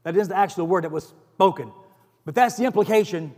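A man's voice: high-pitched, fairly quick, darkish tone. A man preaching a sermon as pastor, earnest and building to emphatic stress on key phrases. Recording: long hall reverb.

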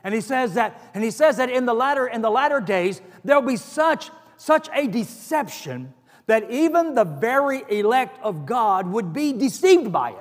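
High-voiced preacher in a reverberant hall. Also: male voice, very animated, normal speed. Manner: earnest, rising to emphatic stress on key phrases. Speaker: pastor. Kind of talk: sermon.

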